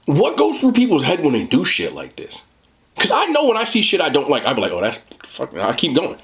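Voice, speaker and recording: Animated young man ranting on his vlog. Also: fairly quick. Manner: animated, swings from low mutter to high laughing jabs; swears freely, says bro a lot. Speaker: mukbang creator. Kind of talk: casual vlog rant while eating.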